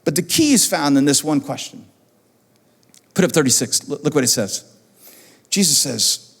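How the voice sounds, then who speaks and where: Man, pastor, lively high-pitched sermon voice, repeats lines for emphasis, long hall reverb. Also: moderate pace, long pauses, breathy edge. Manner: animated, repeats phrases for emphasis. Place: church auditorium.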